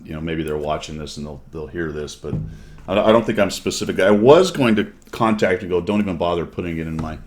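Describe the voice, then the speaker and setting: A man's voice: low voice, animated, a little fast, a little mellow. A middle-aged man hosting a streamed chat, talking in a rambling, self-correcting way. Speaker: streamer host. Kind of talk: casual chat.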